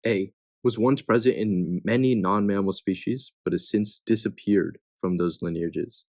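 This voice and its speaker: A man's voice: lowish voice, measured pace, darkish tone, dry recording. A young man tutoring test questions in a casual way, reading each answer choice and thinking aloud as he rules it in or out.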